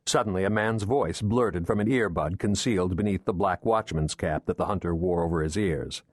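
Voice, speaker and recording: A man narrating a thriller audiobook in a measured, steady storytelling manner. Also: low voice, no echo, studio quality.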